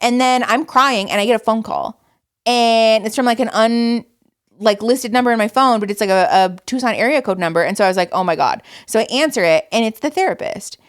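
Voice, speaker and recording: A woman's voice: fairly high pitch, brisk, clear, resonant tone. A woman hosting a podcast, telling a story in casual chat, swearing often and acting out what people said. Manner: animated storyteller, swears often, acts out quotes. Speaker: podcast host.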